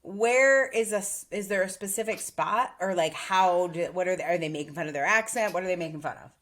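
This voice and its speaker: A woman co-hosting a podcast in casual chat, warm and encouraging with brief interjections. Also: fairly low pitch, fairly quick. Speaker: podcast co-host.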